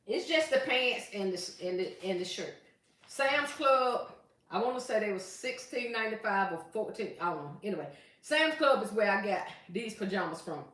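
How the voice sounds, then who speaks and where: A woman's voice: medium pitch, animated, normal speed, a bit bright. A woman hosting a casual live stream from home, chatting with viewers and reading their comments aloud as she talks about her gift basket making. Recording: roomy echo.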